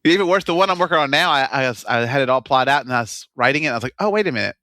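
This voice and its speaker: A man co-hosting a casual podcast. He is lively, laughs a lot and acts out what people said. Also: mid-range voice, rapid-fire, no echo, studio quality. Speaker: podcast co-host.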